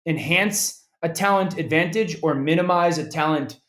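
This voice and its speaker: Man, football analyst, animated, slightly high voice, echoey room. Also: moderate pace. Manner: animated, restarts often. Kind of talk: casual interview talk.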